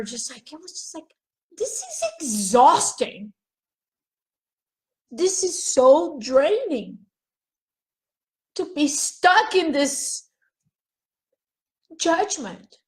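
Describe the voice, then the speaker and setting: Slow, high-voiced woman talking frankly. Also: rough recording. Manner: frank and profane, searching, self-questioning. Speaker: self-help vlogger. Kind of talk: raw Facebook Live monologue.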